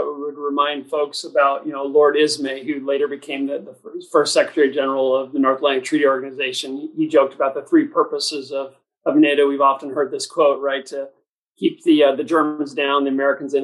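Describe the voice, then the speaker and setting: A man's voice: medium pitch, a bit bright, poor audio. A man talking as a policy panelist, emphatic, fluent and opinionated.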